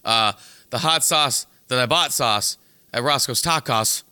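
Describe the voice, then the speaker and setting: A man's voice: mid-range voice, a little slow, pushed and bright, a little hiss or hum. A man co-hosting a podcast in casual comedic banter, rambling and cutting himself off on jokey tangents. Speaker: podcast co-host.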